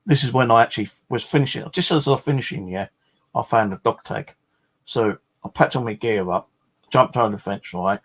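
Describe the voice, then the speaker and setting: A man with a mid-range voice chats briskly and casually in a vlog. He tells rambling stories stuffed with fillers and the occasional swear word.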